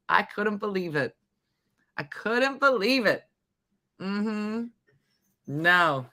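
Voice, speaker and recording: Speaking at medium pitch and a measured pace, a woman hosting a morning show chats casually. She tells a lively story, performing the voices of the people she quotes.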